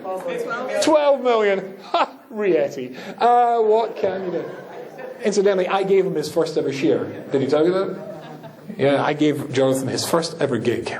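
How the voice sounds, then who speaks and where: Scottish rabbi man talking to a crowd, jokey, pitch jumping all over, echoey hall. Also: lively intonation, normal speed. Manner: joking, teasing the audience, laughing often. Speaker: rabbi giving a talk. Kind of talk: lively talk to a live audience.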